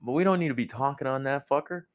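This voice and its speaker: A young man giving a casual motivational monologue, blunt and profane, animated as he talks. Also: medium pitch, quick pace, dull audio. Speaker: vlogger.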